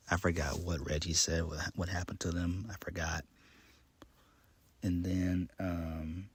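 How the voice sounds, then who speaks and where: A man's voice: deep voice, no room sound. A man casually recapping a wrestling show, rambling with many ums and uhs in a laid-back way.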